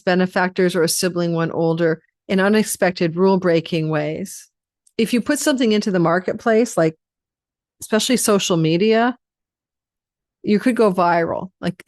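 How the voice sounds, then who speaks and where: A woman's voice: medium pitch, darkish tone, no room sound, studio quality. A tired woman astrologer giving a rambling, chatty forecast and running through lists of possibilities. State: tired, yawning.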